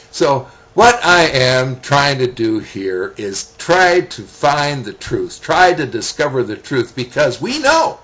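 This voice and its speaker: Lively middle-aged man telling stories. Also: medium pitch, slow. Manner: folksy storyteller, chuckles at himself. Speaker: author. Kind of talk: video message to viewers.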